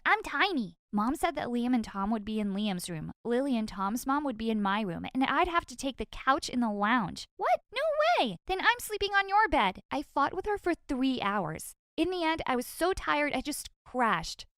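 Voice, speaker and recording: Woman, story narrator, wry, exasperated, fairly high voice, dry close sound. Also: lively intonation, moderate pace, few pauses, a bit bright, no echo. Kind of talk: first-person scripted story narration.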